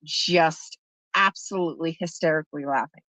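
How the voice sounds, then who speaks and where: Her low, fairly bright voice moves at a moderate pace as she hosts a livestream, answering chat and telling a story in an easygoing, chatty manner. The recording is dry and dull, with a lo-fi quality.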